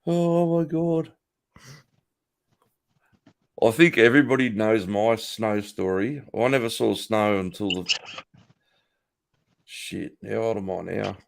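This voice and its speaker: A middle-aged Australian man hosts a casual livestream from his home office, speaking slowly in a fairly low, creaky voice with frequent pauses. He swears freely, jokes, and laughs often as he reacts to chat. There's slight background noise.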